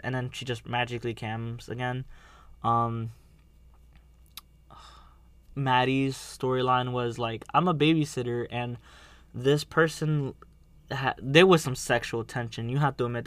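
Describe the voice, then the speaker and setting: A man's voice: medium pitch, fairly bright tone, dry recording. Guy rambling on his podcast, lots of likes and ums. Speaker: podcast host. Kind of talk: casual chat.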